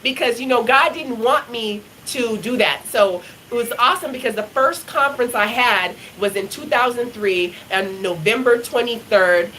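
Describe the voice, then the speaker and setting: A middle-aged woman preacher shares her testimony in an animated storytelling voice, acting out the people she quotes. Her voice sits a little high. A faint hiss runs under it. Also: moderate pace, hardly any pauses, poor audio. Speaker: prophetess and minister. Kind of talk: testimony and prophetic ministry.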